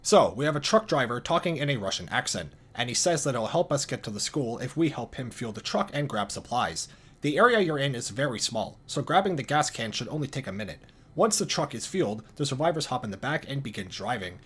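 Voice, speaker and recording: A man narrating video game lore in a calm, dry scripted style with casual swearing. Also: medium pitch, brisk, slightly rough.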